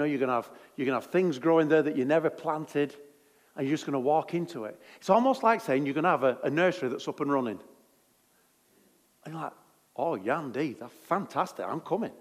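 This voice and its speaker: A man's voice: medium pitch, a little mellow, in a large hall. A man preaching a sermon in a jokey, conversational way.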